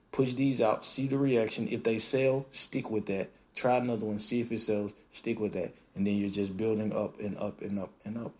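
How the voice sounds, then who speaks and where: Male podcast host, lowish voice, animated off-the-cuff monologue with acted-out quotes. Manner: animated, plays out quoted voices, swears casually. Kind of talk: casual monologue.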